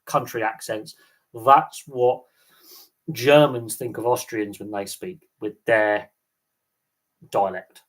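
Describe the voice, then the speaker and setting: A man from England hosting a live stream, chatting casually in a rambling, animated way. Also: fairly low pitch, slow, long pauses. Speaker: host.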